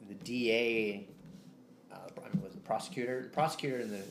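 A man's voice: lowish voice, brisk, vocal fry. A man co-hosting a casual podcast, laid-back and cracking jokes between interjections. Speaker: podcast co-host. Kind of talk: casual chat. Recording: echoey room with faint background noise.

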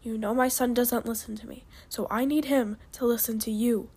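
A woman voicing a stern male father dragon, low and half-whispered, firm and commanding. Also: steady tone, moderate pace, a little mellow, husky.

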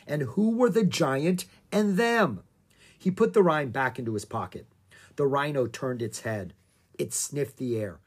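An audiobook reader narrating a children's book in a calm, even storytelling manner. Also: mid-range voice, a little slow, slightly rough.

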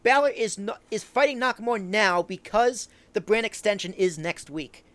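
A young man co-hosting a casual podcast, brash and crude, joking loudly and talking over his partner. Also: high voice, lively intonation, normal speed, no room sound. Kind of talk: casual chat.

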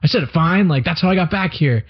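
A man's voice: on the high side, fast, slightly rough, voice pushed up. A man doing a cocky wisecracking action hero. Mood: smug. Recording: dull lo-fi recording.

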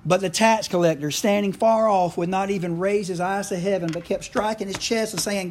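Man preaching, middle-aged, slightly high voice, folksy asides, faint hiss behind. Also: steady tone, brisk, hardly any pauses. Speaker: pastor. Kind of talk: sermon.

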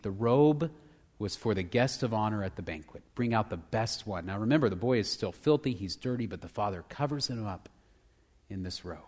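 A male pastor preaching a sermon, shifting between emphatic, loud passages and hushed, near-whispered lines. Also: on the low side, animated, moderate pace. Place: church sanctuary. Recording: long hall reverb.

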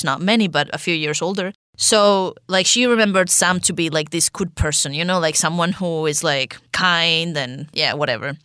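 A woman's voice: fairly low pitch, bright, forceful tone, smooth, no echo, studio quality. A woman co-hosting a podcast, chatting casually and retelling a show with lots of "like" fillers. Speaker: podcast co-host.

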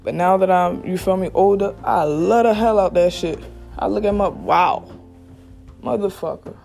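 A podcast host giving blunt, profane motivational straight talk, recorded alone at a quiet workplace late at night. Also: mid-range voice, moderate pace, creaky, soft background music. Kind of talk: motivational casual monologue. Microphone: single mic.

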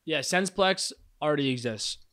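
A man's voice: on the high side, lively intonation, normal speed, a bit bright. A man co-hosting a podcast, talking casually and rambling with fillers and restarts. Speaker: podcast co-host. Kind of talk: casual chat.

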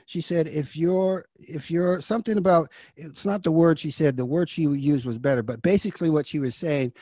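A middle-aged man speaks as an interview guest in a high, lively register. He preaches like a motivational coach, swinging from loud urging to near-whispered intensity. The sound is dry and close. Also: moderate pace, hardly any pauses, dry recording.

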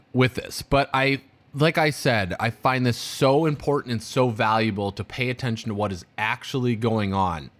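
A man's voice: medium pitch, fairly bright tone. A man in his thirties hosting his own podcast, talking casually and rambling with restarts and fillers. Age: 30s. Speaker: podcast host. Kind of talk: casual solo podcast monologue.

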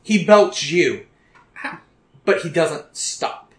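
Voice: medium pitch, extremely slow. A storyteller narrating a tabletop role-playing game in a descriptive, matter-of-fact way, recorded with a roomy echo.

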